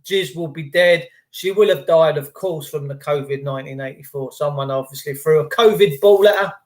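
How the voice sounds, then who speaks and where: A man with a notably high voice runs a rambling live-stream rant. He sounds conspiratorial and mocking, cracks crude jokes, and restarts and repeats his phrases as he goes. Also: moderate pace, darkish tone.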